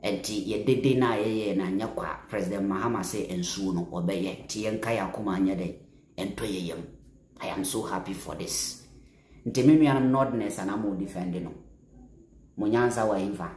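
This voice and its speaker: A man with a Ghanaian accent giving impassioned political commentary, emphatic, repeating phrases and bursting into louder stretches. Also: fairly low pitch, moderate pace, echoey room. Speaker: social media commentator.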